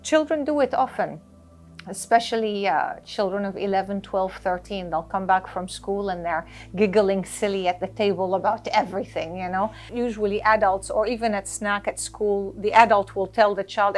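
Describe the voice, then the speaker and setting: A woman's voice: mid-range voice, normal speed, soft background music. A woman guest in an interview, talking earnestly about handling stress and acting out little scenes to make her point. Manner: earnest, animated, advice-giving with acted-out examples. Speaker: interview guest, life coach. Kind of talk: conversational interview.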